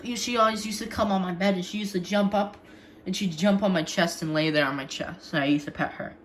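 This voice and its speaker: A woman talking in a casual home vlog, halting and often restarting her sentences. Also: on the low side, slight background noise. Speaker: vlogger.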